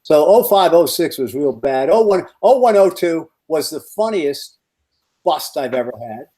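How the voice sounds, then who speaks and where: A man on a podcast spins long, rambling weather stories, stumbling through restarts and bursting with energy. His voice sits a touch high and has a mellow, relaxed tone. He talks as a meteorologist sharing anecdotes. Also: a little slow, breathy edge. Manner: rambling and animated, many restarts. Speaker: guest meteorologist. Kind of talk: casual podcast storytelling.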